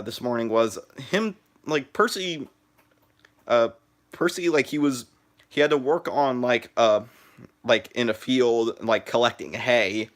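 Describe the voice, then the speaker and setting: A man's voice: fairly low pitch, fairly bright tone. Rambling teenage boy on a phone stream. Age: teens. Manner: halting, full of "uh" and "like", restarts sentences. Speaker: live streamer. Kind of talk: rambling live stream chat.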